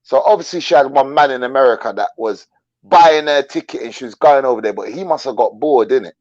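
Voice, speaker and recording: A man's voice: mid-range voice, fast, a little mellow, no echo, highs cut off. Blunt man telling stories. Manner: blunt, slangy storytelling. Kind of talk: casual live chat.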